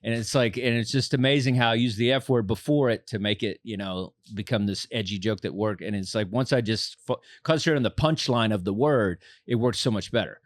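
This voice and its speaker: A man's voice: fairly low pitch, fairly quick, hardly any pauses, dry recording. A man from Texas, a comedian guest in a casual chat, talking in a loose, rambling way full of fillers. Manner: rambling, filler-heavy storytelling.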